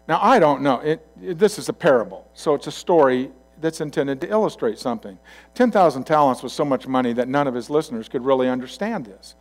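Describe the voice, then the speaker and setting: A male pastor giving a sermon in a conversational storytelling way, swinging from loud to quiet asides. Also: mid-range voice, animated, brisk.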